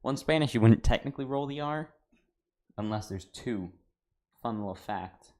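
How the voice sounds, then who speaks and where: A man's voice: mid-range voice, animated, normal speed, a little mellow. An American man on a cooking livestream, chatting casually and rambling to his viewers, saying "dude" a lot as he works in his home kitchen. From United States. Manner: talks to chat while cooking.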